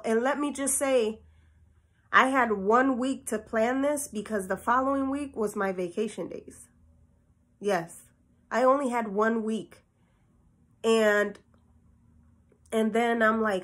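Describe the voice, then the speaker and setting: A young woman telling a personal story in a candid, chatty way, swinging between soft, quiet moments and excited outbursts. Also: on the high side, takes it slowly, pauses often. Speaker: vlogger.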